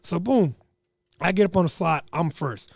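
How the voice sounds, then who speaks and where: A young man telling a comedic story in an animated, slangy way, acting out what people said. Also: fairly high pitch, normal speed, vocal fry, no room sound, studio quality. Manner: animated, slangy, acts out quotes.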